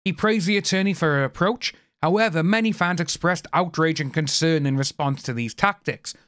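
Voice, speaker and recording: A man's voice: a little high, normal speed, a bit bright, smooth, no echo, studio quality. A man hosting a casual commentary, reading news aloud and adding opinionated, rambling asides. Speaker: channel host.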